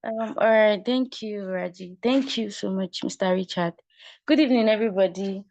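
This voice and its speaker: A woman's voice: medium pitch, moderate pace, a little mellow, dry recording. A young woman, a recent graduate, giving an upbeat, chatty testimonial on a video call. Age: young adult. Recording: dull lo-fi call audio.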